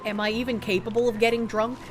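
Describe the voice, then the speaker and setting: A woman's voice: a little high, little pitch movement, quick pace. A woman streamer giving playful, chatty commentary over a game. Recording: game music playing behind.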